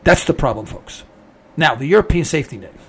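A man's voice: on the high side, lively intonation, fairly quick, husky. A man hosting a talk show, delivering an indignant, opinionated monologue with lots of repetition and rhetorical questions. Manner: indignant, ranting, repeats himself. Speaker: radio talk host.

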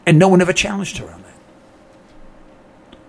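Gravelly, husky man ranting indignantly. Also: sits high, steady tone, slow pace. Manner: indignant, ranting, repeats himself. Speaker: radio talk host. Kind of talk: opinionated monologue.

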